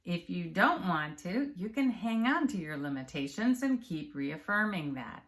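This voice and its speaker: A woman health and empowerment coach giving a calm, encouraging talk straight to the viewer. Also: fairly low pitch. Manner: calm, measured and encouraging, addressing the viewer directly. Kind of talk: direct-to-camera coaching talk.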